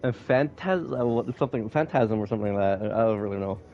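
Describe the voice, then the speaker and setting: A man co-hosting a podcast in casual chat, relaxed and a little hesitant, often laughing. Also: on the low side, fast, highs cut off. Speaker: podcast co-host.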